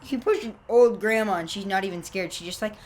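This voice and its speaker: A woman's voice: mid-range voice, fast, a little mellow, a little hiss or hum. A young woman co-hosting a comedy podcast, telling silly stories in a playful, rambling way. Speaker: podcast co-host. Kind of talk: casual comedic chat.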